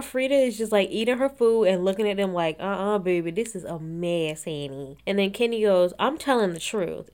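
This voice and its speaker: A woman giving a casual, opinionated recap of a reality show, quoting the cast in snippy bits and laughing often. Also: mid-range voice.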